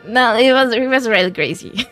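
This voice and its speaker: Giggly, high-voiced woman streamer. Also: animated, moderate pace, fairly bright tone, faint music behind. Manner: rambling, giggly, restarts words often. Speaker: VTuber streamer. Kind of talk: casual chat with stream chat.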